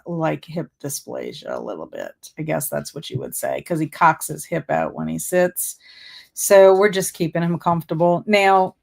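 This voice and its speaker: Middle-aged woman, stream host, low-ish voice, chatty and homey with her chat. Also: creaky. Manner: chatty, reads viewer comments aloud and replies. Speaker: livestream host reading chat. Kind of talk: casual livestream chat.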